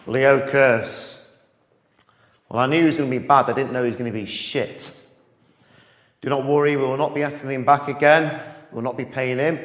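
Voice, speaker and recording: A man's voice: mid-range voice, fairly even intonation, quick pace. Guy mc-ing a comedy night, teasing the act, reverby echoey room. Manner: mock-insulting, jokey. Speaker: comedy show host. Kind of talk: stage hosting. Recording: echoey stage with long reverb.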